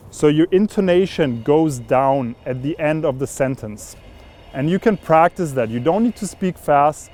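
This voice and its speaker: A man's voice: a little high, normal speed, darkish tone. A young man coaching viewers straight to camera, upbeat and instructive as he explains a voice exercise. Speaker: voice and communication coach. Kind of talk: direct-to-camera teaching.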